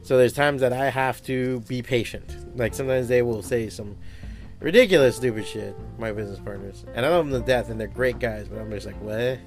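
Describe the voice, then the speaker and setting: A man who owns a comic book shop, talking in a casual podcast monologue, swearing often and rambling through animated stories. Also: mid-range voice, brisk, soft background music. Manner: profane, rambling, animated storytelling.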